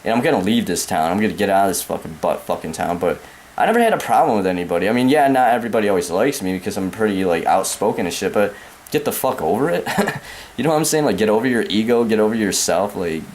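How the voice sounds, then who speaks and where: A man's voice: on the low side, lively intonation, quick pace, a little mellow, slight background noise. A young American man ranting angrily to camera, profane and repetitive, calling the listener man and dude. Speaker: vlogger. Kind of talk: angry rant to camera.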